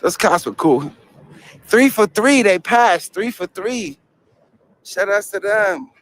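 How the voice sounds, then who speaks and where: A man's voice: high voice, expressive, slow, a bit bright. A young man from New York with a New York accent, talking in a slangy, joking, rambling way outdoors on a city street, swearing freely. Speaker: first amendment auditor. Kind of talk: casual street talk to camera and police.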